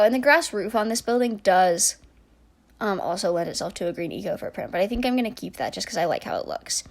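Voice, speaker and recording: Chatty young woman, rambling voice-over. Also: medium pitch. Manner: chatty, rambling, many likes and restarts, trailing soft asides. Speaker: game build YouTuber. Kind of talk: casual voice-over commentary.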